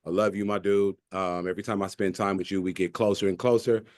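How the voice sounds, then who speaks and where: A man's voice: low voice, level tone, fast talker, a little mellow, no room sound, studio quality. A man speaking to his team in a casual, hyped way, full of slang and casual swearing. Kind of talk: casual motivational talk.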